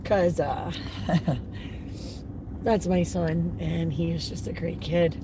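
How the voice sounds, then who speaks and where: A middle-aged woman hosting a casual live stream from inside her car, chatting and slipping into high baby talk for her dog. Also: fairly even intonation, extremely slow. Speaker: livestream host. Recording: distant mic with loud car noise.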